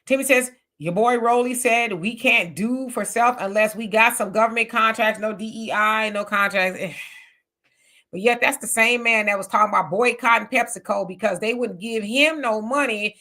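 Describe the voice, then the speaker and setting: A woman hosting a casual live stream, reading viewer comments aloud and reacting with chatty, animated remarks. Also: on the high side, moderate pace.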